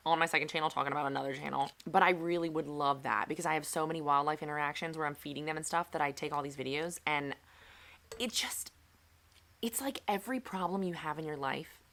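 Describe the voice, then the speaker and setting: A woman's voice: deep voice, fairly quick, a bit bright. A young woman vlogging in a casual, chatty, self-mocking way while she makes crafts.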